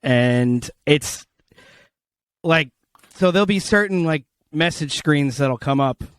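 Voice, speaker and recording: A man's voice: a little high, slow, smooth, no room sound. Lisping, jokey man with dry sound. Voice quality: slight lisp. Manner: rambling, jokey, swears freely. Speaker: podcast co-host. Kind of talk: casual comedic chat.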